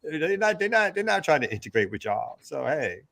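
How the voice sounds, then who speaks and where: A man hosting a morning radio talk show, riffing on politics in an animated, joking way. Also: fairly high pitch, moderate pace, creaky.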